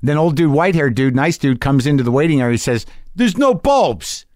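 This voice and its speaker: A man's voice: mid-range voice, quick pace, darkish tone, dry recording, studio quality. Profane, anxious man telling a story. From New Jersey. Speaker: podcast host. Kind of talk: rambling comic monologue.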